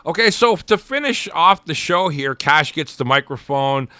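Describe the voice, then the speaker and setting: A man's voice: on the high side, animated, moderate pace, pushed and bright, clean tone, no echo. A middle-aged man co-hosting a podcast, chatting casually and enthusiastically about a wrestling show. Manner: enthusiastic, retells promos in quoted voices. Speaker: podcast co-host. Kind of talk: casual wrestling review chat.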